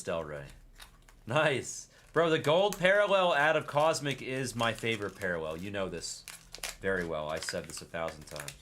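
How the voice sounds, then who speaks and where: A man hosting a live card break, commenting in a casual, excitable way and teasing his chat. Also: fairly low pitch, a little hiss or hum.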